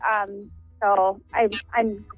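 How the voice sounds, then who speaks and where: A woman calling in to a radio show, speaking softly and politely. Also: medium pitch, little pitch movement, drawn-out words, music in the background. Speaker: caller. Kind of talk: phone call-in. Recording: thin phone line, dry.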